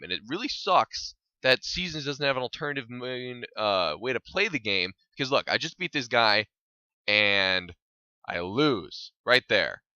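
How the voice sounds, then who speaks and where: Bright, lively man rambling over gameplay. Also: mid-range voice, clean tone, no echo, dull audio. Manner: rambling, exasperated and self-mocking. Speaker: gaming channel host.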